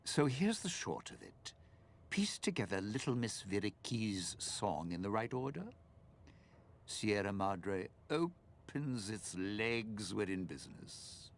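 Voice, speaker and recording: A man's voice: very animated, slow, a little hiss or hum, full character voice. An actor voicing a bitter, scheming older man in a video game, speaking in a menacing drawl. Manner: low gravelly menacing drawl.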